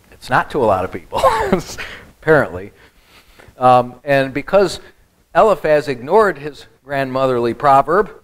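A male pastor teaching a Bible study sermon in an animated style, joking with the congregation. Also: mid-range voice, poor audio.

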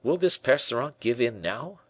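A man voicing a shrewd, suspicious male musketeer with a lively, exclaiming manner. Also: medium pitch, normal speed, husky, dry recording, pitched above the performer's own voice.

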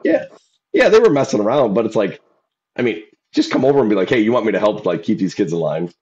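Male podcast co-host, lowish voice, animated storyteller, muffled lo-fi audio. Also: fast talker. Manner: animated storytelling, acts out quoted shouting. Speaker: podcast co-host and youth football coach. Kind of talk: casual chat. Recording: dull lo-fi sound.

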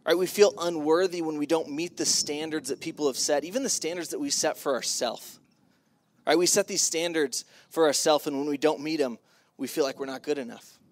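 A man's voice: on the high side, fairly quick, no echo. A middle-aged man giving a casual, humorous sermon to graduating students on a school stage, acting out his own reactions. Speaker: keynote speaker.

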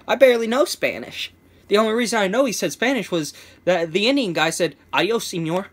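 A man's voice: high-pitched, very animated, a little fast. A young man telling a casual storytime vlog, rambling with many restarts and stammers, chuckling between phrases. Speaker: vlogger.

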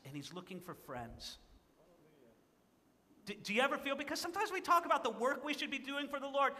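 Male pastor, bright high voice, earnest sermon delivery, hall reverb. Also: big pitch swings, fairly quick, long pauses. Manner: earnest, pleading, rising to emphatic.

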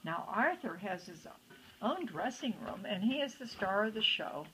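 A woman's voice: medium pitch, sing-song, measured pace, pushed and bright, a little hiss or hum, low-quality recording. An older woman reading a picture book aloud to children, adding chatty asides to the listeners. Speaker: storytime reader.

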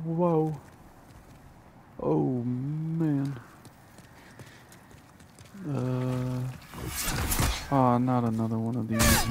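A man narrates his own gameplay in a relaxed, unhurried way, cracking jokes and exclaiming at surprises. His voice carries a gravelly rasp, with a faint hiss of noise underneath. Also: mid-range voice. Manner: excitable, joking, exclamatory. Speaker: gaming video host. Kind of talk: casual gaming commentary.

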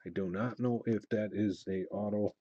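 A man hosting a live card break, opening packs and calling out what he pulls, muttering to himself between low asides and excited call-outs. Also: moderate pace, husky, dry recording, lo-fi sound.

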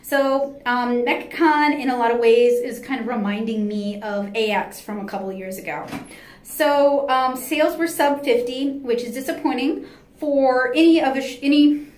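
Recapping her day from an artist alley table at an indoor anime convention, a woman comic artist speaks in a high, slightly mellow voice at normal speed. Her casual, candid vlog is chatty and full of "um" fillers, and she sounds tired. The echoey hall carries a faint crowd.

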